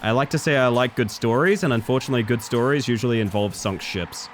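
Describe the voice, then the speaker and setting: Speaking fast in a mid-range voice, with slight background noise behind him, an Australian streamer chats casually with viewers mid-game. He mutters to himself and now and then erupts into sudden exclamations.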